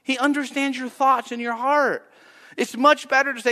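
A high-pitched male pastor preaching a sermon, his voice ringing with the long reverb of a large hall. He is animated and acts out the prayers he quotes, swinging his pitch up and down and going loud or soft. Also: unhurried.

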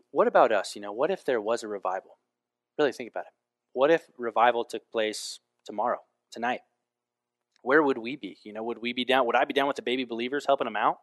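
A man preaching a sermon as pastor, in a casual, animated way with frequent asides. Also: medium pitch, no echo. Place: church.

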